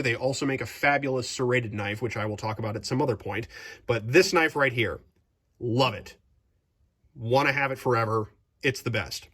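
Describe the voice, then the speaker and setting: A young man casually reviewing his kitchen knives at home, animated and jokey, gushing over favorites and ranting about one he hates. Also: medium pitch. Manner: enthusiastic, animated, jokey asides. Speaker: vlog host.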